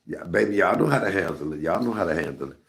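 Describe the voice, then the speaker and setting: A man's voice: sits low, animated, fast, creaky. A middle-aged man hosting a live stream, telling rambling, candid stories and talking to his chat. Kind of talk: casual storytelling to viewers.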